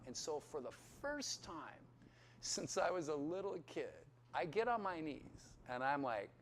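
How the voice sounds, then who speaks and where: Animated man telling his testimony. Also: fairly high pitch. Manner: animated, acts out voices in his stories. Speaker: testimony speaker. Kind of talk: personal testimony storytelling.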